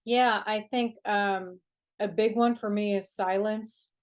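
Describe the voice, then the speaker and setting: A woman guest in a conversational interview, talking in an animated, chatty way with frequent fillers and easy laughter. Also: mid-range voice, takes it slowly. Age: older adult. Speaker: guest author.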